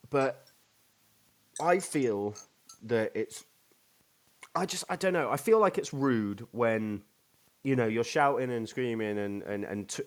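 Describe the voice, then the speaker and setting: A man telling a rambling story in casual chat, swearing freely. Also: fairly low pitch. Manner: rambling, swearing, many fillers and restarts. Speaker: storyteller host.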